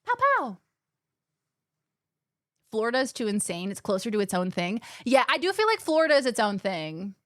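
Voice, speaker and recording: A young woman streaming a game, chatting with her viewers in quick, casual asides. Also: medium pitch, sing-song, fairly bright tone, no room sound, clean studio sound. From Australia. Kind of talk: casual chat while gaming.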